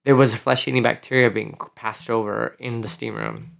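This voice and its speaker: A man's voice: medium pitch, steady tone, a little fast, gravelly, a little hiss or hum. Male guest, 30s, casual, candid, teasing, mid-range voice. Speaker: podcast guest. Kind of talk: casual podcast chat.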